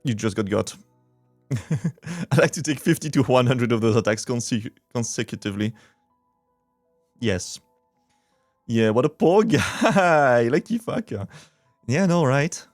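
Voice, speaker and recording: Lively joking male streamer. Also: medium pitch, measured pace, pauses often, dry recording, studio quality, faint music behind. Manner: joking, crude, laughing. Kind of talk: casual game commentary.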